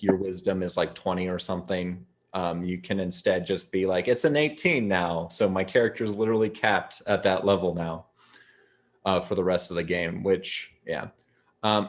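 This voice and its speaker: A man with a deep, low voice runs a casual tabletop session over a video call. He explains the rules in a loose, rambling way, full of fillers. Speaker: game master. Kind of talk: casual actual-play game talk.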